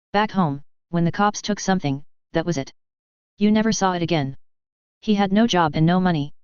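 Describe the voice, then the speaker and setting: A woman narrating a science fiction story in a steady, even storytelling voice, in a dull lo-fi recording. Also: lowish voice, clean tone, no room sound. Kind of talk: audiobook narration of a sci-fi story.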